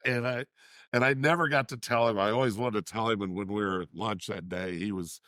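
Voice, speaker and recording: Animated male storyteller, dry studio. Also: fairly low pitch, fairly quick, dry recording. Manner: animated storyteller who acts out quotes and repeats "I said". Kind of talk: casual anecdote in a talk show.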